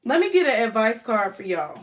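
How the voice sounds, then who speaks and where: A woman's voice: fairly high pitch, very animated, brisk, background noise. A woman giving a casual, emphatic tarot reading who is blunt and swears freely. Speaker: tarot reader.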